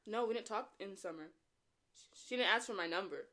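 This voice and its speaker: A woman's voice: medium pitch, a little fast, pushed and bright. A young woman in her late teens chatting casually as a co-host, telling a dating story with frequent laughs and acted-out quotes. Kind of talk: casual chat.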